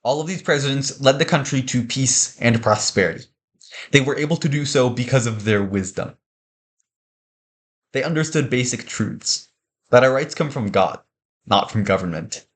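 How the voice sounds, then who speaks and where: A man's voice: medium pitch, moderate pace. A man reading a scripted narration in an earnest, preachy manner.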